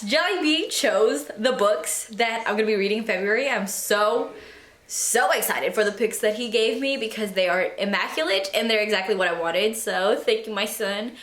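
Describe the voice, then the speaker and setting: A woman's voice: a little high, fairly bright tone. A woman book vlogger chatting casually in a bubbly, gushing way. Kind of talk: casual vlog chat. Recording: echoey room.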